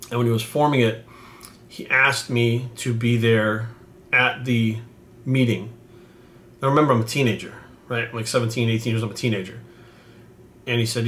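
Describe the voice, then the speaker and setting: A man in his forties talks to the camera like a coach recalling a mentor. His storytelling is loose and rambling, salted with swearing, and earnest underneath. His pitch sits in the ordinary middle range for a man. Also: a bit bright. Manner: profane, rambling, heartfelt. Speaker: bodybuilding coach.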